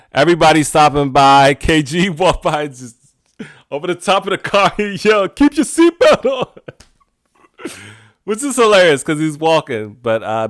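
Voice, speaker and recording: A man hosting a podcast alone, telling a rambling casual story with frequent laughs and sudden animated outbursts. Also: mid-range voice, no echo, clean studio sound. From United States. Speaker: podcast host. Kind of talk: casual solo monologue.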